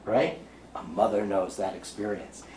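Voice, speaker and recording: Speaking to a live audience in a lecture room, a middle-aged man from the Bronx gives a chatty, joke-filled talk in his thick New York accent. His voice sits a little high, expressive and at normal speed, and he tosses asides to the crowd. The recording sounds roomy and distant, with faint background noise.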